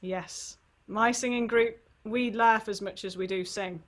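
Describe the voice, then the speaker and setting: A woman's voice: mid-range voice, fairly even intonation, a little slow. A woman with an English accent, leading a folk singing group from her living room, chatty and rambling with laughing asides. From England. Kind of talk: casual chat between songs.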